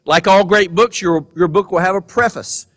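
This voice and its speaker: An older man with a slightly high voice delivers a commencement speech in a big gymnasium. He speaks in a folksy, earnest way and repeats phrases for emphasis. His voice rings with a long hall echo. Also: normal speed, a bit bright. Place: large college gymnasium.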